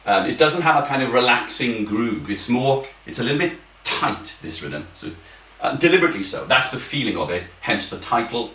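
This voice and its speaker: A man leads a taiko drumming lesson, counting aloud and coaxing his students along. His voice is bright and swings widely in pitch. It sounds roomy and a little distant, with drums playing behind him. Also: very animated, fairly quick. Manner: encouraging, counts beats aloud with shouts. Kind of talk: online group music lesson. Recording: echoey room, slightly distant mic, drums behind.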